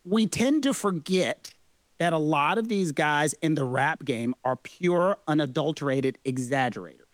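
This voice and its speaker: A man's voice: on the high side, animated, unhurried, no echo. Emphatic Southern man discussing law. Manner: emphatic, sermon-like repetition. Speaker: legal commentator. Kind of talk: casual legal discussion.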